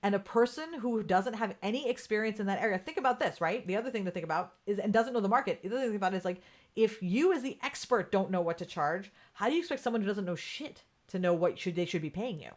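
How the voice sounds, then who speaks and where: A woman's voice: mid-range voice, expressive, quick pace. Candid, profane woman coaching live. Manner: candid and profane, laughs often, reads out viewer comments. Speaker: podcast host. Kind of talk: casual live-stream coaching talk. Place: home room with ring light.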